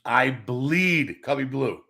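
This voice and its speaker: A man's voice: medium pitch, animated, slow, creaky, bright, forceful tone, husky. A man hosting a sports talk livestream, ranting with heavy swearing, repeating himself and reading out viewer comments. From Chicago area. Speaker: sports talk show host. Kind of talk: profane livestream sports rant.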